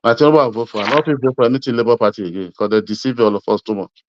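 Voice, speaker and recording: Speaking rapid-fire in Nigerian Pidgin, this interviewee from Edo State insists on his political views, repeats himself, and keeps calling the listener "my brother." His pitch is medium, the heated argument has no echo, and the highs are cut off.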